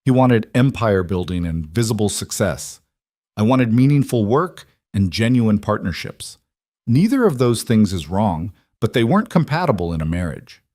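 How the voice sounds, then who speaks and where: A man voicing a calm, reflective woman. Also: lowish voice, no echo, clean studio sound. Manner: calm, measured, thoughtful. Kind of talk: audiobook narration.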